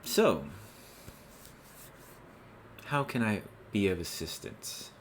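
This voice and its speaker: A man voicing a cold, commanding elven noblewoman in a tabletop game, speaking in a haughty, measured way. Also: lowish voice, very animated, a little hiss or hum, heavily acted. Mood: imperious.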